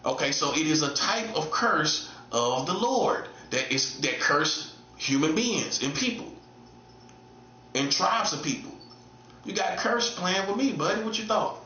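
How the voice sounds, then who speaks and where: A man in his late forties taunts his listeners with repeated rhetorical questions, his voice bright and pushed. It swings between high teasing and low, menacing mutters. The sound is roomy and echoey, a little dull and lo-fi. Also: lively intonation, measured pace, a little hiss or hum. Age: 40s. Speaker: self-styled prophet streamer. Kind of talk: taunting monologue.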